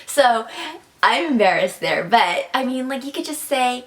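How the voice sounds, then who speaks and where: Young woman vlogging advice, kinda high voice, lots of likes and kindas. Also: lively intonation, measured pace, a bit bright. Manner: chatty, filler-heavy with frequent "like" and "kinda". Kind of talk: casual advice vlog.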